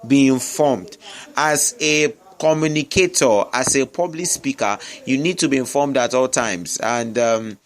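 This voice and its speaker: A man's voice: mid-range voice, a little slow. A man teaching public speaking in a webinar, repeating his key points and checking in with his listeners often. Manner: emphatic, repeats key phrases, frequent "I get me?" check-ins. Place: noisy surroundings with distractions.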